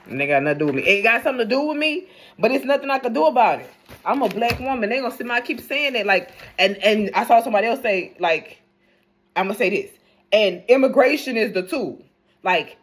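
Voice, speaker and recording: A woman's voice: medium pitch, a bit bright. A young adult woman speaking, delivering a blunt, rambling rant on the news with plenty of profanity. She talks casually and unscripted, restarting her sentences as her thoughts run ahead. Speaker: news commentator vlogger.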